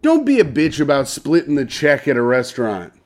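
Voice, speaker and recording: A young man hosts a podcast in casual banter. He jokes loosely and swears freely. His slightly high voice moves up and down a lot. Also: huge pitch swings. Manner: jokey, loose, swearing, quick laughs. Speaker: podcast co-host.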